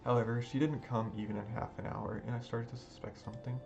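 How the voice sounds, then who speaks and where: A man's voice: mid-range voice, steady tone, fast talker, vocal fry, a little mellow, lo-fi sound, a little hiss or hum. A man reading a visual novel aloud in a dramatic, emotional first-person narration over background music. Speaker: gaming video creator. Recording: music playing underneath.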